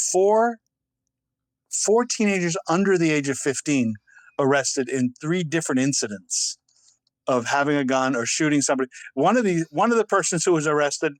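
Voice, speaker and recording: A man's voice: a little high, no room sound. A man co-hosting a podcast, talking in casual chat, often hesitating and repeating words. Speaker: podcast co-host.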